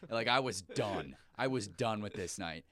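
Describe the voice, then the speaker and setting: A young man co-hosting a podcast, telling an animated story full of swearing. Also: fairly low pitch, unhurried, dry recording, clean studio sound. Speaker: podcast co-host. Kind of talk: casual chat.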